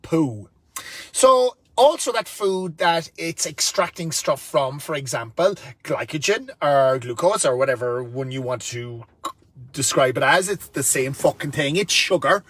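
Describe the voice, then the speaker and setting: A man's voice: fairly high pitch, expressive, measured pace, a bit bright, dry recording. A man, ranting bluntly and profanely to camera from inside a van. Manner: blunt, sweary and rambling. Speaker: vlogger.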